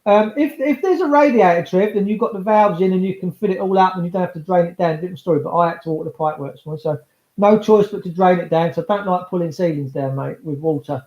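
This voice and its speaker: A man's voice: high-pitched, fast talker, a little mellow. A man, rambling chattily to viewers in a casual livestream monologue. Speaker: livestream host. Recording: roomy, slightly dull sound.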